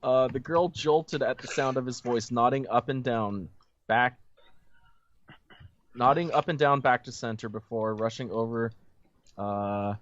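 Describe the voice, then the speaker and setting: A man's voice: mid-range voice, measured pace, pauses often, lo-fi sound, a little hiss or hum. A man reading a fanfiction aloud for laughs, stopping now and then to joke about it. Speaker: reader of fanfiction. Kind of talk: comedic dramatic reading with banter.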